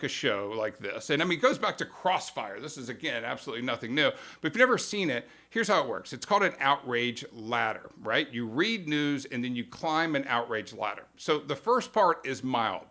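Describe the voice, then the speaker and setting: Guy live-streaming, lively up and down voice, bright and punchy, acts out little quotes. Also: medium pitch. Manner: animated, emphatic, acts out quotes in mock voices. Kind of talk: casual explanatory monologue.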